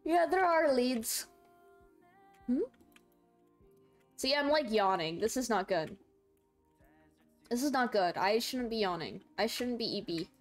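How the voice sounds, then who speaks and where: A young woman in college streaming a game, chatting casually, laughing and answering viewers. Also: a little high. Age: young adult. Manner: chatty, laughs a lot, reads chat aloud. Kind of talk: casual gaming stream chat.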